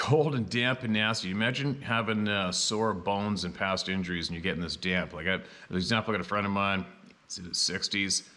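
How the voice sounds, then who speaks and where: Guy rambling on his vlog, kinda low voice but bright and forceful, cusses a bit. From Canada. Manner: blunt and profane, with frequent asides. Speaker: vlogger. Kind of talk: casual rambling storytelling.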